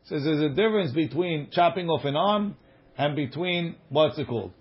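A man's voice: fairly high pitch, expressive, normal speed, breathy edge, muffled recording. A man giving an informal study lecture, chanting passages of ancient text and then explaining them in casual conversational English. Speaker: Talmud teacher.

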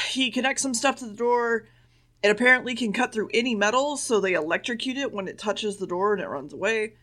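A woman's voice: on the high side, fairly quick, sharp tone. A woman co-hosting a podcast, casually recapping a show with blunt, sarcastic asides. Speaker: podcast co-host.

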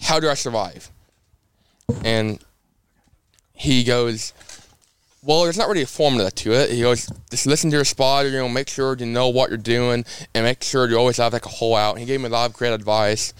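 Speaking at normal speed with a clean, mid-range voice and no echo, a young Indiana race car driver spins lively stories in a casual podcast interview. He acts out the quotes as he goes.

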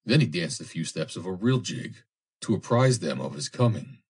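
A man reads a story aloud in a low, husky voice, narrating at a measured pace. His tone moves lively between phrases. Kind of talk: audiobook reading.

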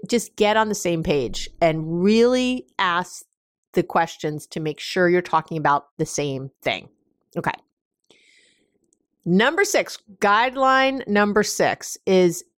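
A woman's voice: fairly low pitch, no room sound, clean studio sound. A woman hosting a solo advice podcast, chatty and emphatic, laughing often and repeating her points. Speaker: podcast host.

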